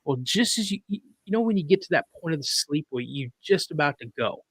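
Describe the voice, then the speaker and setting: Animated storytelling man. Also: fairly high pitch, brisk, husky, dry recording, clean studio sound. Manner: animated, vivid retelling with acted quotes; rambling with restarts. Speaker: podcast guest. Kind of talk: casual storytelling.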